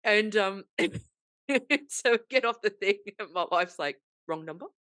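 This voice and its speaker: A woman's voice: mid-range voice, slow pace, no echo, clean studio sound. A woman co-hosting a casual podcast chat, telling stories with lots of swearing and acting out the other people's lines. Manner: animated storytelling, acts out quoted voices, swears freely. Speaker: podcast co-host.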